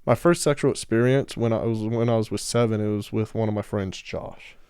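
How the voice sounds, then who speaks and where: A man tells his story bluntly and openly in a laid-back podcast chat. His voice sits low and mellow with a smooth tone. The recording is close and dry. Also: fairly even intonation, fairly quick, dry recording. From Georgia, US. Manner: frank, candid storytelling. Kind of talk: casual podcast conversation.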